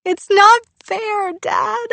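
A woman's voice: steady tone, extremely slow, gravelly, bright, forceful tone, dry recording, heavily acted. Sobbing teenage girl. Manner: high wailing sobs, drawn out.

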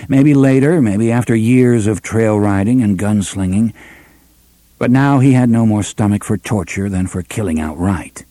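A man narrating an audiobook in a measured, expressive storytelling manner. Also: lowish voice, dry recording. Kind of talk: scripted narration.

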